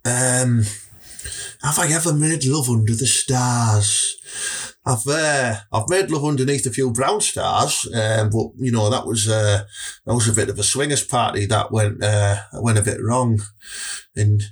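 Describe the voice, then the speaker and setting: A man's voice: lowish voice, steady tone, unhurried, husky. A man with a Teesside accent answering viewer questions in a rambling, crude, joking way. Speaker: comedy vlogger. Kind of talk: casual comic Q&A.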